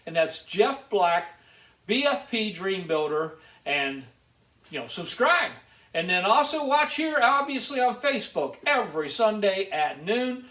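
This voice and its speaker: High-voiced man telling a story in a roomy garage. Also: sharp tone. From Ohio. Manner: chatty, rambling, with frequent fillers. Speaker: host of a video show. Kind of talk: casual storytelling to viewers. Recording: roomy echo.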